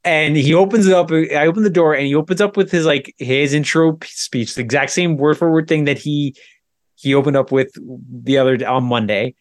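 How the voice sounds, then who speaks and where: Male podcast co-host, animated anecdote-teller who voices every side, a bit high-pitched. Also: fairly quick, no room sound, studio quality. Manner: animated retelling, acts out both sides with repeated "I go". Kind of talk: casual storytelling chat.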